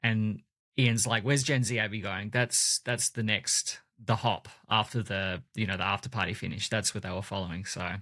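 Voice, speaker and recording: A man co-hosting a podcast in casual chat, relaxed and often repeating words as he starts a sentence. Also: lowish voice, normal speed, no echo. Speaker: podcast co-host.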